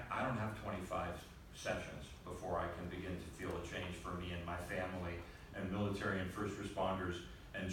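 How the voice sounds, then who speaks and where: Man telling stories in a very echoey room. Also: low voice. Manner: animated storyteller, acts out quoted voices. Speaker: presenter at an evening session. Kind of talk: storytelling presentation to a live audience. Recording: very echoey room, far from mic, faint hiss.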